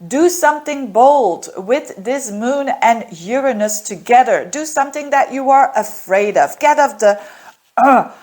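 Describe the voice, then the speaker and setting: A woman's voice: on the high side, expressive, unhurried, a little mellow. A woman, a native Dutch speaker, reading monthly horoscopes as an astrologer, earnest and encouraging, with many fillers and restarts.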